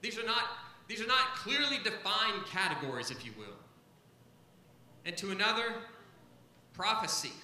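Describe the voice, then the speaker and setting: A man's voice: sits high, lively intonation, moderate pace, pauses often, bright, forceful tone, roomy sound, a little hiss or hum, low-quality recording. A man, a pastor, preaching a sermon to a congregation, stressing key points by repeating them. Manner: emphatic, repeats key phrases.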